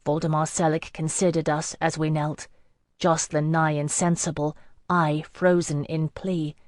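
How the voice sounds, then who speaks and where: A woman narrates a fantasy novel in the first person, measured and even. Her voice sits on the low side for a woman. The sound is dry and close, as from a booth mic. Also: no room sound. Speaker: audiobook narrator. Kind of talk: scripted narration.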